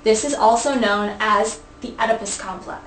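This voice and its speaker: High-voiced young woman hosting a study group. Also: moderate pace, a bit bright. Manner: playful, reads aloud from a book with restarts. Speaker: host. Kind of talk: casual study group reading. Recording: echoey room, faint background hiss.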